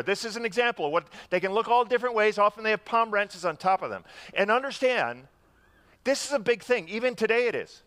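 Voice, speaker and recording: A man's voice: high-pitched, no echo. A man preaching a teaching sermon, explaining and inviting the congregation to repeat words with him. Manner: animated, leads the congregation in call-and-response. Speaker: pastor.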